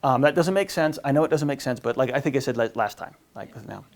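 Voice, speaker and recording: A priest teaches a marriage class in an informal way, speaking fast and animatedly in a medium-pitched voice. He uses lots of fillers and restarts and acts out the voices he quotes.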